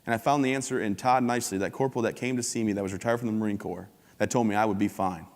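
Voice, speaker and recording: A man's voice: lowish voice, steady tone, racing. Upbeat joking man in a big hall. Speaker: keynote speaker. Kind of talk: humorous motivational talk. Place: large conference hall. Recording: long hall reverb.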